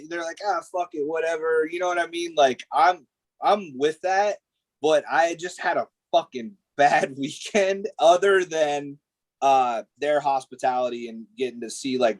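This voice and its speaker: A man in casual podcast chat as the guest, telling stories in an animated way, full of swearing and fillers. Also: on the high side, no room sound. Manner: animated storytelling, heavy swearing, frequent "like" and "dude". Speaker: guest tattoo artist.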